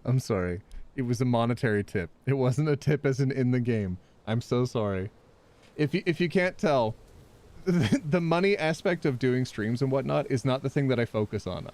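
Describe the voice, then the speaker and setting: A man live-streaming a game, chatting with viewers, yelping and laughing as he plays. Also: mid-range voice. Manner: animated, yelps and laughs while playing, chats with viewers.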